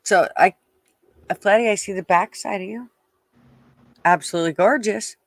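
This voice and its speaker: Male co-host, casual teasing banter, higher pitch, dry mic. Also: moderate pace, no room sound. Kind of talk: casual live-stream chat.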